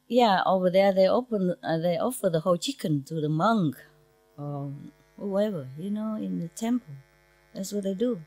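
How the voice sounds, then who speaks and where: A woman's voice: mid-range voice, animated, a little slow, long pauses, a little mellow, dry recording. A woman speaking as a spiritual teacher to her disciples in an informal lecture, chatty and humorous, in non-native English with simple grammar. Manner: chatty and humorous, laughing between asides. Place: meditation centre lecture.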